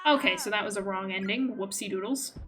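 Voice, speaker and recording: A woman's voice: mid-range voice, fairly quick, background noise. A woman streamer giving playful, self-mocking commentary while playing a game live.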